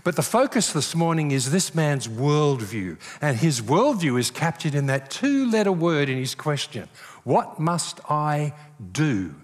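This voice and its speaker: Lively pastor in a hall. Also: male voice, a little high, normal speed, few pauses. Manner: animated storyteller, acts out quoted voices. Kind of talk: sermon. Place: church hall. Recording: long reverb of a large hall.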